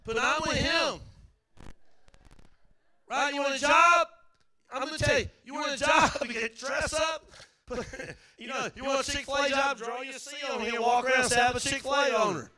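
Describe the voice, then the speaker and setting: Middle-aged male pastor, forceful bright tone, fervent call-and-response sermon in a church. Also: very high-pitched, moderate pace, pauses often, slight background noise. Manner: fervent preaching with call-and-response, at times shouting. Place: church sanctuary.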